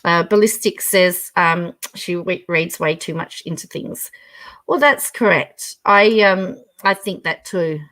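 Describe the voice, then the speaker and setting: A woman's voice: lowish voice, slow, fairly bright tone. A middle-aged Australian woman hosting a casual livestream, reading viewer comments aloud, chatting and laughing often.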